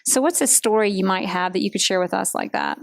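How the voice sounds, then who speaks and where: A woman's voice: medium pitch, fast, creaky, no echo. A woman hosting an interview show, asking questions and affirming her guest in a casual, encouraging way. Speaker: host.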